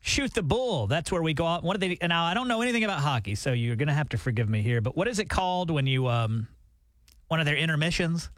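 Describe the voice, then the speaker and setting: Teasing radio co-host with a lively voice. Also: male voice, a little high, quick pace, no echo. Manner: teasing, playful, self-mocking. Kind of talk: casual morning show banter.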